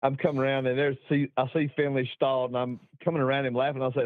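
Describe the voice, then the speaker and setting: A man's voice: mid-range voice, fast talker, few pauses, no room sound. A middle-aged man telling a long racing story, rambling, salty and self-mocking, often laughing at himself. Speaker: guest telling racing stories. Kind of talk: casual storytelling. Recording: dry, thin phone-like line.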